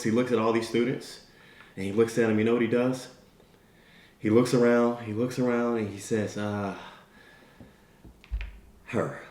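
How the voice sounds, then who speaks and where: This motivational speaker has a medium-pitched voice in a reverberant space. He tells a story conversationally, animatedly acting out the characters he quotes and often repeating "right?" and "you know."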